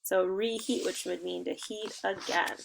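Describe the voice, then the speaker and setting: A young woman teaching an online spelling lesson to second graders, upbeat and encouraging, giving clear step-by-step instructions. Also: mid-range voice, steady tone, unhurried, heavy background noise.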